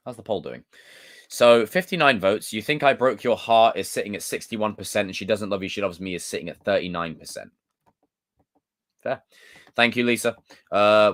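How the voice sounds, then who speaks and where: A man hosting a livestream, reading viewer comments aloud in a loose, excitable, joking way with some swearing. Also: low-pitched. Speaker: livestream host.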